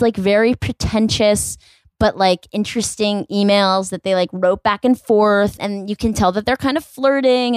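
A woman's voice: medium pitch, no room sound. A young woman comedian rambles through a solo podcast monologue, swearing freely and snapping into snarky acted-out quotes. Her voice sits mid-range and is close-miked in a dry, dead room.

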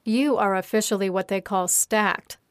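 A woman voicing a forceful young woman who speaks in a sarcastic, teasing way. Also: medium pitch, steady tone, normal speed, dry recording, clean studio sound, lightly acted.

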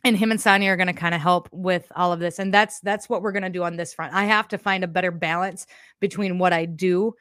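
A woman's voice: lowish voice, fairly even intonation, fairly quick, a bit bright, no echo, studio quality. A woman hosting her live podcast, talking candidly and emotionally in a rambling, casual way, a bit shaken and teary. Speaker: podcast host. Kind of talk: casual live-stream monologue.

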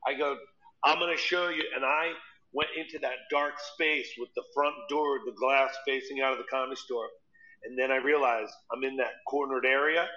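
A stand-up comedian chatting casually and telling animated stories, acting out other people's voices. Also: male voice, mid-range voice, normal speed. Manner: animated storytelling, acts out voices. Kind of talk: casual chat. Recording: dull lo-fi audio.

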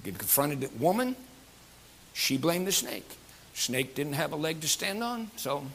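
High, bright-voiced male pastor preaching. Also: a little slow, a little hiss or hum. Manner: animated, folksy preaching with frequent fillers and jokes. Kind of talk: sermon to a congregation.

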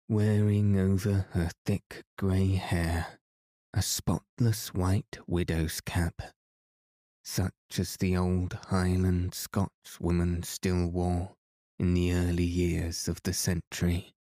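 A man reads a bedtime story slowly and calmly for sleep. His voice is very low, mellow and even, with little rise and fall. The sound is dry and close to the mic. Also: dry recording. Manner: slow, calm and even. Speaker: podcast host and reader.

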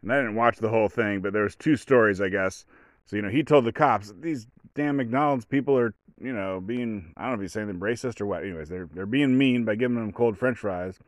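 A man with a lowish voice talks loosely through a solo podcast episode. He wanders, corrects himself and starts sentences again. The sound is close and dry, with no room around it. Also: quick pace, no room sound. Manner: rambling, self-interrupting storyteller. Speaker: podcast host. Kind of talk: solo casual podcast monologue.

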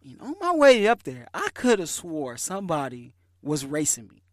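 A man, hosting a podcast and telling a lively, slangy story in a casual way. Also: fairly high pitch, moderate pace, dry recording, studio quality. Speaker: podcast host.

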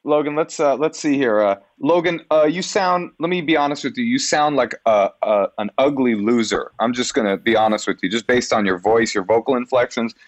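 A man co-hosting a comedy podcast, roasting callers with mock-earnest sincerity. His voice sits at an ordinary middle pitch. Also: brisk, hardly any pauses. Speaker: podcast co-host.

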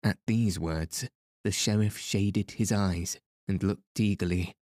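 A man reading a storybook aloud as narrator, in a measured, even way, close to the mic. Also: sits low, dry recording. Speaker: audiobook narrator.

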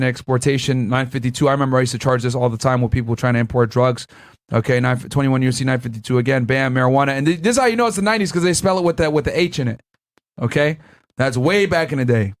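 A man, a former prosecutor, giving casual, profane, animated commentary while reacting to a crime documentary. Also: mid-range voice. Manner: animated, profane, laughing asides.

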